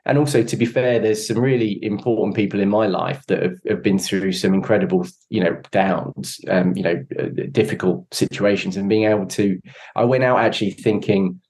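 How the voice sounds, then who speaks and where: Earnest low-voiced man reflecting. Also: a little mellow. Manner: earnest and reflective, searching for words. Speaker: podcast guest, endurance cyclist. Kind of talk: casual conversation.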